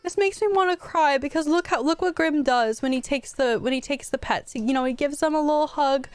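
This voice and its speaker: A woman's voice: sits high, brisk, no echo. A young woman casually commenting on her gameplay, chatty and emotional, talking straight to her viewers. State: tearful, near crying. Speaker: gaming YouTuber.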